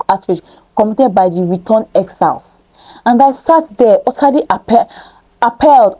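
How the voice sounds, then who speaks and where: A Bible study teacher with a dark, mid-range voice reads scripture aloud, then breaks into emphatic preaching and fires rhetorical questions at her listeners. The audio quality is poor.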